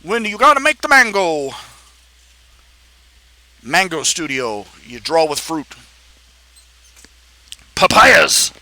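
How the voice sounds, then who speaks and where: Brief: male comic-artist streamer, chatty and joking, bright tone, dry close mic. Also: a little high, very animated, a little slow, long pauses, dry recording. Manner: rambling, joking, puts on a made-up accent. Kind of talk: casual live-stream chat.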